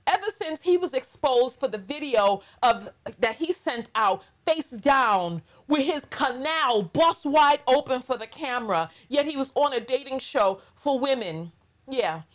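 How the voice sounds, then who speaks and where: A woman's voice: sits high, animated, a little slow. A woman with a New York accent hosting a casual commentary vlog, blunt and sarcastic as she scolds her viewers. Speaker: commentary channel host.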